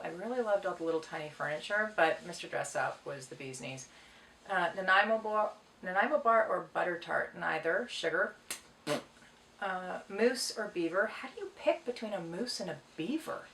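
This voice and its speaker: Her voice sits on the low side, creaky yet fairly bright, over a faint hiss or hum. She's a middle-aged Canadian actress doing a casual self-recorded Q&A, reading fan questions out loud and answering with playful jokes. The mic is distant in an echoey room.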